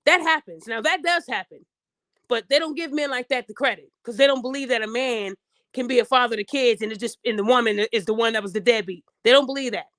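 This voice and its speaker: Podcast host, young woman, AAVE, high voice, blunt and lecturing, dry close sound. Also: brisk, a bit bright, no echo. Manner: blunt, preachy, addresses listeners directly, acts out quoted voices. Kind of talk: opinionated podcast monologue.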